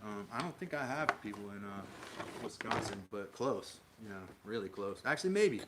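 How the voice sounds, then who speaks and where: A man's voice: fairly low pitch, lively intonation, moderate pace. A man from Minnesota hosting a casual livestream, chatting with viewers and answering their comments aloud in a rambling way, with many fillers and restarts. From Minnesota, USA. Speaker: livestream host. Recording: loud background noise with clicks.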